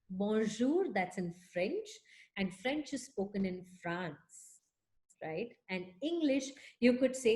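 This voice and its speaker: A young woman music teacher speaking to children, explaining words slowly with fillers like "um" and "uh". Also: fairly high pitch. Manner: sings a greeting song, then explains gently with fillers. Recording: echoey room.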